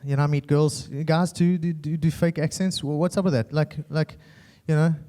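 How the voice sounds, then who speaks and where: Animated South African stand-up comic. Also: male voice, fairly high pitch, normal speed. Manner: animated, acts out quoted characters in put-on voices. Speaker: stand-up comedian. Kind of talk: stand-up comedy set.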